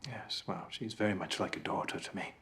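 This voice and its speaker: An actor playing a composed, cunning middle-aged male author who speaks in a measured, formal and coolly polite way in a courtroom film drama. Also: sits low, fairly bright tone. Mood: calm. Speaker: crime novelist on trial.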